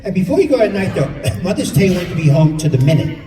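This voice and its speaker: High-voiced middle-aged stand-up comic. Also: male voice, quick pace, distant mic, over music. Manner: animated storytelling, playing family members. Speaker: stand-up comedian. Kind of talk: stand-up comedy. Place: stage in a large hall. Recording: echoey hall from afar, audience laughter.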